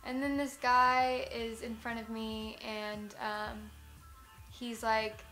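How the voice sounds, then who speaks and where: A woman's voice: fairly high pitch, flat delivery, slow, pushed and bright, faint music behind. Chatty young American woman rambling. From United States. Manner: chatty and rambling, full of "like", self-mocking. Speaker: vlogger. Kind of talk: casual storytelling vlog.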